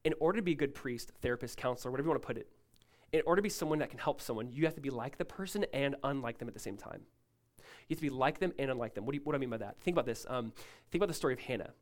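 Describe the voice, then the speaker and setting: A male pastor preaching a sermon, emphatic and rising loud, then dropping to a hushed tone, often asking listeners to follow along. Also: mid-range voice, rapid-fire. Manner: asks the congregation to follow along.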